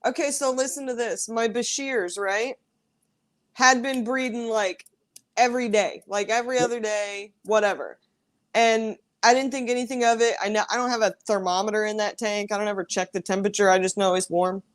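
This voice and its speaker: Woman host rambling on a chill livestream, upbeat and chatty, mid pitch. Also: steady tone, a little fast. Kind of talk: casual livestream chat.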